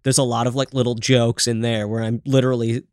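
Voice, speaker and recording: A man's voice: medium pitch, flat delivery, brisk, a little mellow, clear, resonant tone, no echo, studio quality. A man co-hosting a comedy podcast, chatting casually with loose, profane, laughing riffs. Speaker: podcast co-host.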